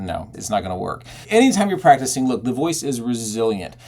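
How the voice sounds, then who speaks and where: A male singing teacher explains vocal technique in a relaxed, talkative way. His speaking voice sits at a middle pitch but moves a lot. He keeps stopping to belt out loud sung shouts and vowel examples. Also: a little fast, few pauses. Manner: animated, breaks into loud belted shouts and vowel demos.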